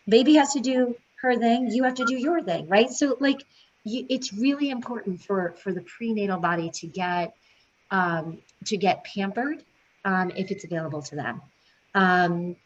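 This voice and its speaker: A woman leading a prenatal yoga teacher training, talking in a chatty way with many fillers. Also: medium pitch. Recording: dull lo-fi sound with faint noise.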